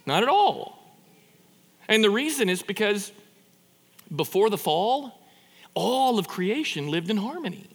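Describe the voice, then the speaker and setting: A man preaching a sermon in a conversational, animated way, full of rhetorical questions and quick restarts. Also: high-pitched, in a large hall. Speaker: pastor.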